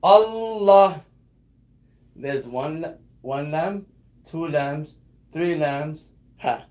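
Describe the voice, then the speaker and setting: A man's voice: on the high side, a little mellow. Patient man teaching word by word. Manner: patient, repeats words slowly for the learner. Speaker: Arabic teacher. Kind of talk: casual one-on-one lesson.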